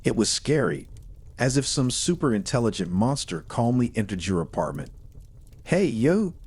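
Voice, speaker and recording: Man, horror narrator, measured delivery, lowish pitch, husky. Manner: steady, measured storytelling. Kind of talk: scripted first-person horror narration.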